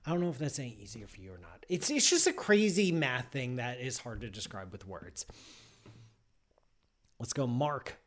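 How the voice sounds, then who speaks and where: A man's voice: mid-range voice, sing-song, moderate pace, fairly bright tone. A middle-aged man hosting a podcast, answering listener questions in casual, rambling chat with teasing asides.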